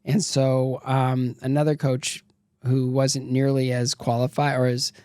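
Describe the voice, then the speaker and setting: A man's voice: medium pitch, flat delivery, measured pace, darkish tone, smooth, no room sound, clean studio sound. A middle-aged man, a former athlete, telling candid, rambling stories as an interview guest and acting out the voices of people he quotes. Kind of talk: casual storytelling interview.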